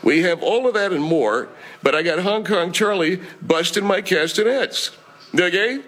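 A man voicing a brash, fast-talking male restaurant owner who blusters and complains. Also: high voice, expressive, fairly bright tone, pitched above the performer's own voice. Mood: boastful. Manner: blustery, rapid, exasperated.

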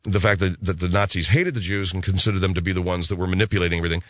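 A middle-aged radio show host with a deep voice rambles casually about listener mail at rapid-fire speed, often repeating and restarting words. The recording has no echo.

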